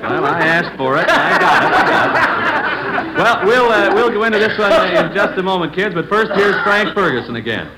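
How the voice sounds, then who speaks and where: A man's voice: sits high, sing-song, moderate pace, over a noisy crowd. A man hosting a 1940s radio quiz show, jovial and teasing with the children. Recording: noisy vintage radio recording.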